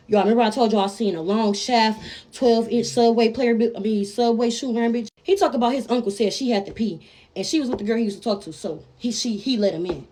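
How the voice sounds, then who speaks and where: A woman's voice: fairly high pitch, fast, dark tone. A woman telling a personal story to her viewers in a brash, profane, casual way, constantly calling out to them as y'all.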